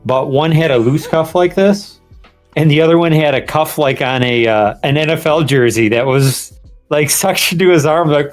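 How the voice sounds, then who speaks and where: A man co-hosting a sports podcast, telling stories in a profane, animated way and laughing. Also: on the high side, moderate pace, soft background music. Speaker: podcast co-host. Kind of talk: casual sports podcast banter.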